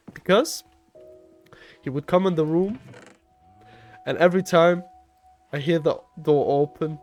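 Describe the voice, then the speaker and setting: Higher-voiced young man telling a story. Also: darkish tone. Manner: slangy, playful, talks low and close to the mic. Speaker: vlogger. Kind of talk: casual storytelling to camera. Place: shared bedroom at home. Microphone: desk microphone up close.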